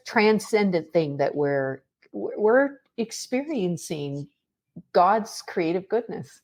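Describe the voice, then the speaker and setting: A woman, an author and speaker, talking as a podcast guest in a lively, storytelling way with frequent fillers. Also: on the low side, takes it slowly. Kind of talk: casual podcast conversation.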